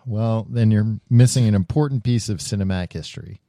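A man co-hosting a casual movie podcast, animated and laughing often, with plenty of fillers. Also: lowish voice, fairly quick, no echo, clean studio sound. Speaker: podcast co-host. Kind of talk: casual chat about movies.

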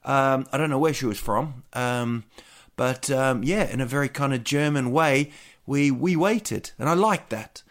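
A man's voice: medium pitch, unhurried, hardly any pauses. A man with a New Zealand accent hosting a podcast, talking in a rambling, jokey, chatty way. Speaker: podcast host. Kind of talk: casual chat.

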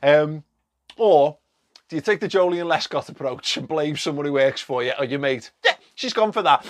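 Animated, laughing male podcast host. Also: on the high side, moderate pace. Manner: animated, laughing, sweary, lots of fillers. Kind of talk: casual commentary monologue.

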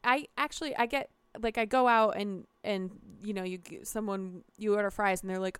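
A woman's voice: mid-range voice, steady tone, moderate pace, clear, resonant tone, dry recording. A young adult woman co-hosting a casual chat podcast, chatty, with trailing restarts. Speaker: podcast co-host.

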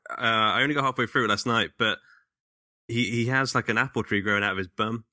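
A man's voice: mid-range voice, fast talker, pushed and bright, no room sound, studio quality. A man hosting a podcast, chatting casually and enthusiastically. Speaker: podcast host.

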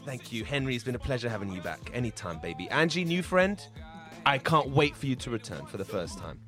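A man's voice: medium pitch, big pitch swings, a little fast, fairly bright tone. Playful podcast host in his twenties, voice swooping all over, music faint behind. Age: 20s. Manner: playful, teasing. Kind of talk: casual comedy podcast banter.

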